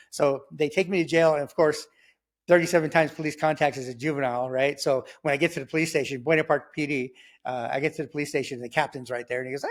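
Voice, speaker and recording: Animated man in his fifties. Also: fairly high pitch, fast. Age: 50s. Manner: animated, acts out quotes, laughs through the story. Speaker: guest telling his testimony. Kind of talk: conversational storytelling.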